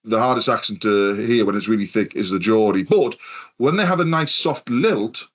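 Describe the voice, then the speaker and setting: A man's voice: lowish voice, expressive, normal speed. A man from the UK hosting a casual podcast chat, telling stories in a rambling way and swearing often. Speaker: podcast host.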